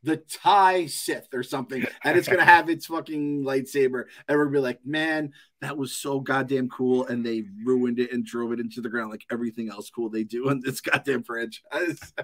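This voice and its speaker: A man's voice: mid-range voice, steady tone, brisk, hardly any pauses, fairly bright tone. A young man hosting a podcast in a casual chat, ranting, swearing and laughing often. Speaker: podcast host.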